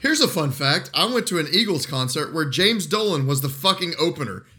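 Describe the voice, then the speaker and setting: Bright-voiced exasperated man. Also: on the high side, very animated, a little fast. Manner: exasperated, swears often. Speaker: podcast co-host. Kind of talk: casual movie-riff chat.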